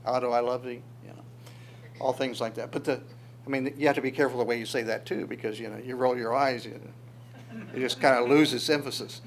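A man's voice: mid-range voice, fairly even intonation. Man preaching a conversational sermon. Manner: conversational, searching, quick asides. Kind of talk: expository sermon.

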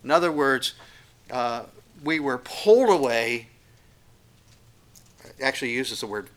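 Male pastor, sermon delivery, earnest and emphatic, bright forceful voice. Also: mid-range voice, animated, a little slow, pauses often. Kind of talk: expository sermon.

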